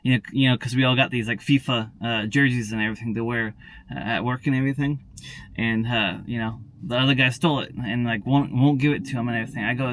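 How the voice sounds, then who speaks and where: A man's voice: medium pitch, fairly even intonation, fast, a bit bright, slight background noise. A man chatting casually to viewers in a daily vlog. He rambles and repeats himself, constantly adding "and everything" and "tell you what.". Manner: talks straight to viewers, repeats words. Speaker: daily vlogger.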